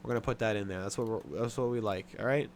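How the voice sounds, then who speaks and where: A young sports betting podcast host gives his picks in an offhand, profane manner loaded with filler words. He has a lowish voice and a quick pace, with slight background noise behind him.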